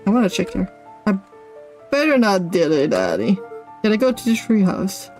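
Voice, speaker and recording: Woman streamer, casual and swear-heavy, mid-pitched. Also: big pitch swings, normal speed, darkish tone, faint music behind. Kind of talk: casual game commentary.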